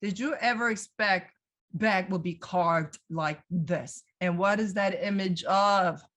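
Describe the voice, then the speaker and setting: Slow and mid-range in pitch, a woman guides a live virtual museum tour on a video call. She stays animated, asking the audience questions and reading aloud what they reply.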